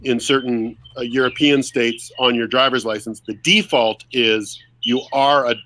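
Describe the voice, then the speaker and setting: A man's voice: mid-range voice, fairly even intonation, measured pace, sharp tone, slight background noise, rough recording. A man hosting a casual podcast discussion, talkative and explaining things for listeners. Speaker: podcast host.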